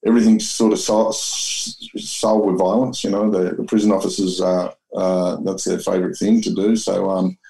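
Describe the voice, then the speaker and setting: Gravelly deep Australian man. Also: little pitch movement, normal speed, few pauses, dark tone, low-quality recording. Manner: rambling, blunt, swears, many restarts. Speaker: interview guest. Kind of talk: storytelling in an interview.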